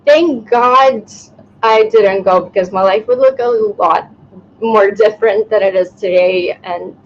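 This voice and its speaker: A woman's voice: medium pitch, a little slow, dull audio, slight background noise. A woman from Ukraine co-hosting a casual chat, speaking hesitantly with restarts. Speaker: podcast co-host.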